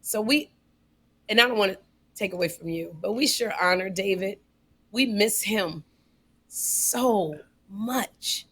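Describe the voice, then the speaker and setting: A woman co-hosting a podcast, telling a story in casual comedic style, animated and getting loud on punchlines. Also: mid-range voice, slow, long pauses, husky. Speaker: podcast co-host.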